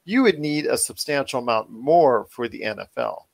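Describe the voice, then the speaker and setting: A man's voice: medium pitch, lively intonation, normal speed, vocal fry. Guy hosting a sports podcast, mid voice, earnest, kinda repeats himself. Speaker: podcast host. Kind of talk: casual sports talk.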